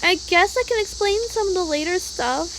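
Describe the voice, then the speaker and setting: A woman's voice: very high-pitched, fairly quick, background noise. A young woman vlogger venting in a casual, rambling monologue, upset and swearing freely.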